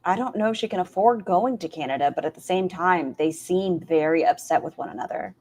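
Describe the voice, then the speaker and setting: A woman's voice: lowish voice, fairly quick, a little mellow, a little hiss or hum. A woman hosting a reaction stream, making wry, snarky comments on clips and chatting with viewers.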